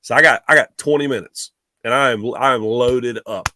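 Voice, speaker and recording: Middle-aged male guest, rambling storyteller, mid pitch, dry close sound. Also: moderate pace, no echo. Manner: animated, rambling with restarts. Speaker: guest sportswriter. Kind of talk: casual storytelling.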